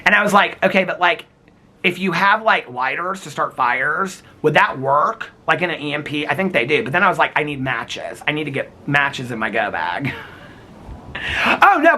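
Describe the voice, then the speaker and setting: A man in a casual vlog, bouncing all over his range with a bright, forward voice. He is giggly and gossipy, teasing viewers by name and calling them honey. A faint background hum sits behind him. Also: on the high side. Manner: gossipy, calls people honey and sweetheart. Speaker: vlogger. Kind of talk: casual chatty vlog, reading viewer comments.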